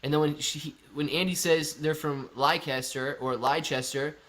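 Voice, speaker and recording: A man's voice: a little high, steady tone, normal speed, a bit bright. Chatty man hosting a live stream. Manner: joking, chatty, reads chat messages aloud. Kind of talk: casual live chat reading viewer comments.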